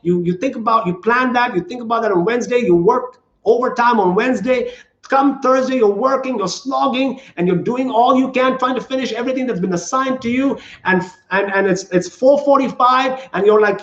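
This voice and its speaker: A man's voice: very high-pitched, a little fast. A man preaching a sermon as pastor, earnest and repetitive, asking the congregation questions. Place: church sanctuary. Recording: echoey church room, dull lo-fi sound.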